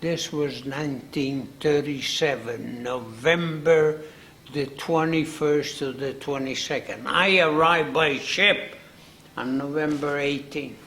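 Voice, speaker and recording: A man, telling an unhurried, folksy story from his working life in an interview. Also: a little high, fairly bright tone, a little hiss or hum. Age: 90s. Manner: unhurried, repeats himself, folksy phrasing. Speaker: interviewee, accordion builder. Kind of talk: reminiscing storytelling.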